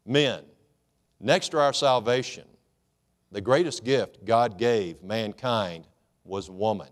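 A man's voice: lowish voice, takes it slowly. A man preaching a sermon in a folksy, joking way, calling for amens. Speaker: pastor.

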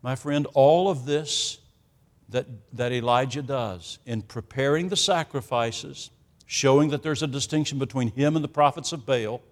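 A man preaching a sermon, emphatic, with sarcastic asides and loudness that swings from hushed to booming. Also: moderate pace.

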